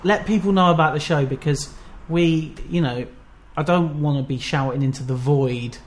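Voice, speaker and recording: A man co-hosting a podcast in casual, rambling chat, self-deprecating and quick to laugh. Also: a little high. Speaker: podcast co-host.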